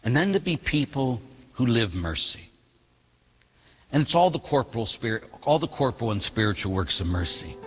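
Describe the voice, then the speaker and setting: A man, a priest, preaching a sermon with lively storytelling, acting out quoted voices and laughing at himself. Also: mid-range voice, moderate pace, in a large hall.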